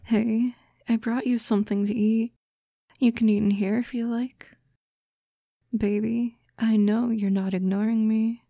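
A woman voicing a motherly fox-spirit girlfriend in a whispered role-play, coaxing and gently scolding. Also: on the high side, flat delivery, measured pace, dry recording, muffled recording. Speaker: ASMR voice actress.

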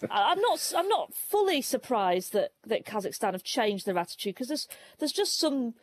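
A woman from northern England speaks at a middle pitch on a comedy panel. She delivers dry, deadpan jokes, often starting with a hesitant "uh". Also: moderate pace, no room sound.

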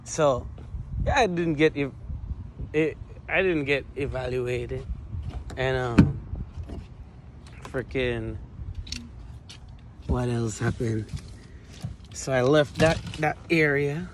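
A man vlogging in a relaxed, storytelling way, laughing often and swearing freely as he acts out what others said. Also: medium pitch, slow pace, pauses often, noisy background. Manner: animated, laughing, profane, slangy, quotes others in his telling. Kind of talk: casual storytelling.

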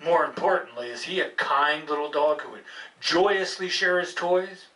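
A woman playing a kindly adult in a live puppet show for children, gently asking the kids questions. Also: sits low, normal speed. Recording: roomy, from a distance.

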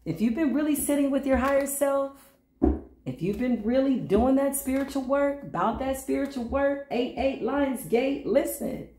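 A woman's voice: high-pitched, normal speed, mellow. Woman, tarot reader, playful, teasing, sing-song, echoey room. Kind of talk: channeled tarot reading for viewers.

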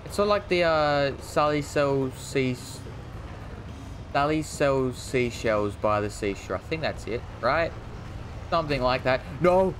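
With a medium pitch, measured pace, and a slightly bright tone, this man streams his gameplay over slight background noise. His commentary is casual and rambling, full of self-mockery and the occasional yelp at the screen.

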